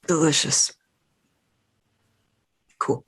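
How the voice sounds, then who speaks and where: A player in a tabletop game, talking in a casual, slow, laid-back way. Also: a bit bright. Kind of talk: actual-play tabletop game.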